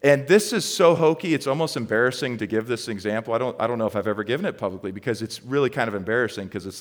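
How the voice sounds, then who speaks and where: A pastor preaching a sermon in a conversational, storytelling way, getting loud and animated as he acts out a story. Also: medium pitch, fast, in a large hall. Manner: conversational storytelling, grows loud and excited when reenacting.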